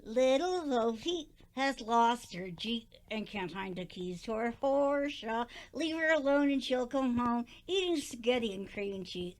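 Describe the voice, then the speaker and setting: A woman puts on a goofy female parrot puppet with a high, swooping voice that leaps all over the place. She sings in a playful sing-song and garbles her nursery rhymes. She speaks slowly and draws each phrase out. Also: animated. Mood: silly. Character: silly female parrot puppet, giggly and cheeky. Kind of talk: puppet performance.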